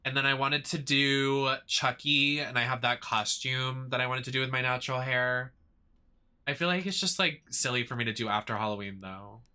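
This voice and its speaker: A man's voice: medium pitch, steady tone, moderate pace, pushed and bright, clear, resonant tone. A man who streams games and performs in drag, giving chatty, campy commentary that rambles with lots of fillers. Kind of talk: casual gameplay commentary.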